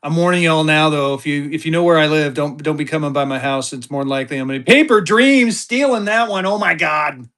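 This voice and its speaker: A man selling collectible banknotes on a live auction stream, talking to his viewers in an excited, chatty way. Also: a little high, fairly quick, few pauses. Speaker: livestream seller.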